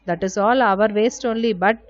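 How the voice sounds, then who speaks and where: A woman's voice: mid-range voice, moderate pace, dry recording. A woman teacher with an Indian English accent, giving a lesson to small children, spelling out words letter by letter and answering her own questions. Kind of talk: recorded class lesson for young children. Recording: slightly dull lo-fi audio.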